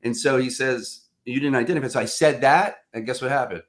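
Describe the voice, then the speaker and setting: A man's voice: mid-range voice, moderate pace. A man, chatting casually on a podcast and acting out both sides of his phone calls. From Staten Island, New York. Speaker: podcast guest, sales rep. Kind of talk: casual chat, storytelling.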